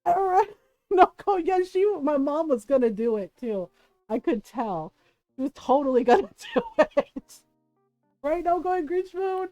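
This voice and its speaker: High-voiced woman streamer telling a story. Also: a little slow, no echo, soft background music. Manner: animated, laughs often, acts out quotes. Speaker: live streamer. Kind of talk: casual storytelling to chat.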